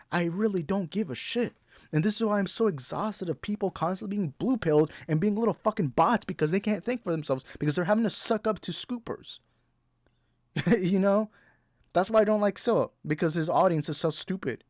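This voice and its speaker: Young male host, blunt profane rant, slightly high voice. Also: a little mellow, dry recording, clean studio sound. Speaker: movie talk show host. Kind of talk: heated ranting commentary.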